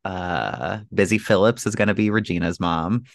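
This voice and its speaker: A man co-hosting a casual chat over a video call, relaxed and easygoing. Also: low voice, moderate pace, gravelly, no echo, studio quality. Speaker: co-host.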